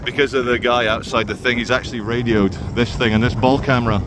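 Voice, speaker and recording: Walking outdoors by a waterfront, a man with a medium-pitched voice vlogs into a handheld camera at a quick pace with fairly even intonation. His walking commentary is sardonic and rambling, and there is background noise.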